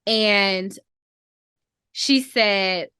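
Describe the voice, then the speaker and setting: On a podcast, a woman in her thirties with a clear, resonant mid-range voice shares a personal family story in studio quality with no echo. Earnest and reflective, she often slows down to choose her words, holding back emotion and softening when things get tender.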